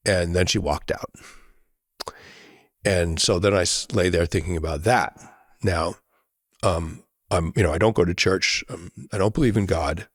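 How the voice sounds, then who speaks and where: A man as a podcast guest, telling a reflective story in an earnest way, often checking in with a quick "right?". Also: sits low, husky, no echo, clean studio sound.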